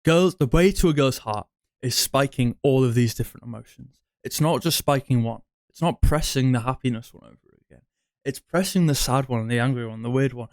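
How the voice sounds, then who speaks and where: A man's voice: medium pitch, a little fast, darkish tone, no echo, clean studio sound. Blunt, rambling young man. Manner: rambling, blunt, crude and repetitive. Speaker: dating advice creator. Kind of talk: unscripted advice monologue.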